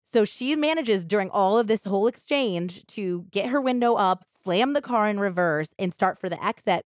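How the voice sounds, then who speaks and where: A woman co-hosting a podcast, retelling a true crime story in animated, casual chat and filling it with "like" and quoted voices. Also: mid-range voice, normal speed, no echo, clean studio sound. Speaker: podcast co-host.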